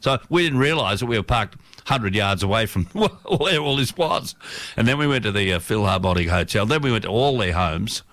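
A man's voice: fairly low pitch, expressive, moderate pace, fairly bright tone, dry recording. A man telling a travel story in casual chat, rambling and correcting himself as he goes, with the odd chuckle.

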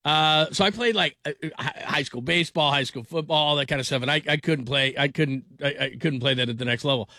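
A man's voice: on the high side, fast, hardly any pauses, pushed and bright, no echo, clean studio sound. A middle-aged man hosting a call-in sports radio show, talking casually with restarts and easy laughs. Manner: rambling, repeats words, laughs easily. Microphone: studio microphone.

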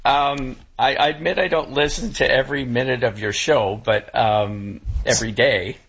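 A man talking casually in a conversation, halting with many restarts, emotional and close to tears. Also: medium pitch, fairly bright tone, breathy edge, muffled recording. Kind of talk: casual chat.

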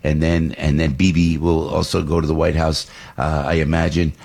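A man hosting a talk show, running quickly through the day's news and teasing his co-host. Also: extremely low pitch, level tone, creaky, darkish tone, husky. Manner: quick, loose rundown full of fillers, teasing his co-host.

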